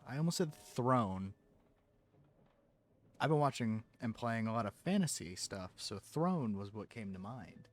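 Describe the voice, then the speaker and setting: A man's voice: on the low side, expressive, measured pace. A man playing a game and commenting on it, sarcastic and joking back at the story. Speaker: game player. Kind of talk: let's-play commentary.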